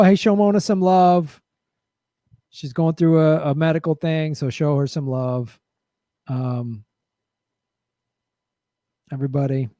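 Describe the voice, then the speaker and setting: A man's voice: fairly high pitch, dark tone, no echo, clean studio sound. A middle-aged man hosting a livestream comedy show in a loose, chatty way, thanking viewers by name. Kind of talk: casual livestream sign-off.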